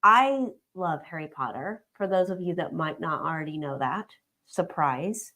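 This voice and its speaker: A woman co-hosting a livestream, reading viewer comments out briskly and teasing her co-host dryly. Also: deep voice, expressive, pushed and bright. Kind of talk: casual chat.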